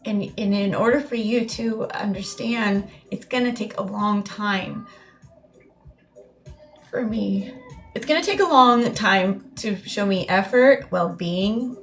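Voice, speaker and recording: A woman's voice: mid-range voice, slow, faint music behind. A woman giving a live tarot reading in a meandering, heartfelt way, often repeating and restarting her words. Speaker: tarot reader.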